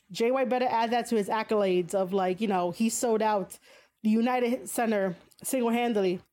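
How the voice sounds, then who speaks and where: A woman with a slightly high voice rants casually, reading out viewers' comments and firing back at them. She swears bluntly, leans on fillers and laughs often, jumping into high exclamations when something surprises her. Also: darkish tone. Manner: blunt and profane, frequent fillers. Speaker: streamer reading chat. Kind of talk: casual opinionated chat.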